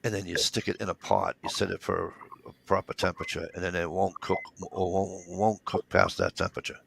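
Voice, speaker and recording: A man with a deeply gravelly, fry-heavy voice tells loose, rambling stories in casual chat. He swears freely and restarts his sentences often. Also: flat delivery, fairly quick, a bit bright, a little hiss or hum.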